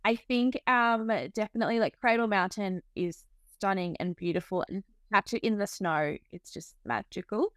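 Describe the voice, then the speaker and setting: Aussie woman midwife guest, laid back and friendly, smooth clear voice, dry recording. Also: mid-range voice, normal speed, hardly any pauses, no room sound. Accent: Australian. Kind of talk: casual interview chat.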